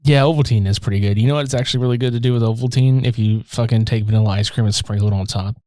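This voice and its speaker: A man in a casual podcast chat, recounting movie scenes with plenty of cursing and an easygoing, amused delivery. His voice sits at an ordinary middle pitch, recorded close and dry with no room sound. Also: very fast, mellow, no echo. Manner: profane, laid-back scene retelling. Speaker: podcast co-host.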